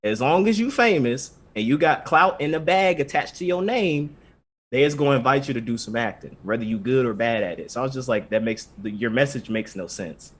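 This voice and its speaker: A man's voice: medium pitch, lively intonation, fairly quick. A man co-hosting a casual podcast, retelling an episode in a loose, joking way and acting out the characters' lines. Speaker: podcast co-host. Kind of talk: casual anime recap chat.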